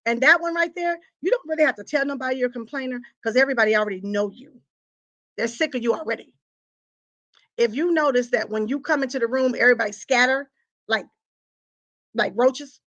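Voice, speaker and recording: Woman, live-stream host, preachy and emphatic, higher voice, acts out confessions. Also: a little fast, long pauses, fairly bright tone. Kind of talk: preachy talk to a live audience.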